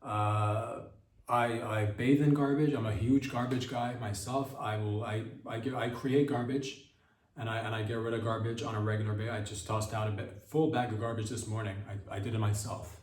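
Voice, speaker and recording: A man hosting a podcast, riffing through an absurd comedic monologue in a deadpan, rambling way with many restarts. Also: fairly low pitch, normal speed. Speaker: podcast host. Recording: echoey room, distant from mic.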